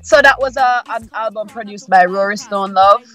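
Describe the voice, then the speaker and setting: A woman, a musician guest on a radio interview, talking calmly and reflectively with many "you know"s. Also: medium pitch, normal speed, soft background music.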